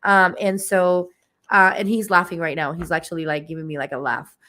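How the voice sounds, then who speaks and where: A woman's voice: fairly low pitch, level tone, fairly quick, sharp tone. A woman hosting a spiritual livestream, chatting casually and giggling often, with lots of fillers. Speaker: livestream host and spiritual reader.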